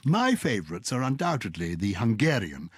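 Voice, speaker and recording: A man's voice: lowish voice, very animated, normal speed, breathy edge, no room sound, clean studio sound. An older man co-hosting a podcast, chatting playfully and teasing his co-host. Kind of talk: casual chat.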